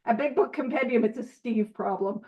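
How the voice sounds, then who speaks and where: Animated, high-voiced woman leading a study. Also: normal speed. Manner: animated, playful, self-deprecating asides. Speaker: Big Book study leader. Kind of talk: informal recovery-group teaching. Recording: slightly muffled audio.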